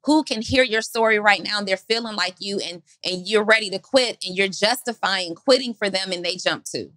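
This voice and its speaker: A woman's voice: medium pitch, moderate pace, a bit bright, dry recording. A woman co-hosting a podcast, talking earnestly about not quitting and repeating her questions for emphasis. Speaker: podcast co-host. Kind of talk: motivational podcast talk.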